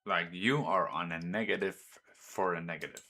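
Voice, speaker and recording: A Danish man streams his train game, commenting casually in a slow, drawn-out manner as he reasons through his routes. His voice is low with a sharp tone. He addresses the trains and bursts into swearing or exclamations whenever things go awry.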